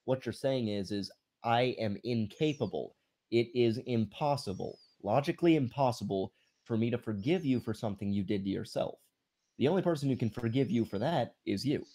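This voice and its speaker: A man reading a philosophy text aloud slowly and commenting on it in plain casual talk. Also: medium pitch, expressive, dark tone. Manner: slow, measured reading, then plain remarks.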